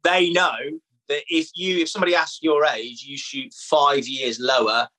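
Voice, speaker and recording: A man's voice: fairly high pitch, steady tone, moderate pace, heavy background noise. A man in his thirties from England, chatting casually as a podcast guest about fishing, with lots of "like" and "mate". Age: 30s. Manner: chatty, laid-back, says "mate" and "like" a lot. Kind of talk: casual chat.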